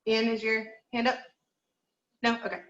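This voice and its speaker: Woman, singing teacher, higher voice, encouraging, online class, echoey room. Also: level tone, moderate pace, fairly bright tone, highs cut off. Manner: encouraging, counts and sings number drills. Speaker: vocal teacher. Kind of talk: online group singing lesson.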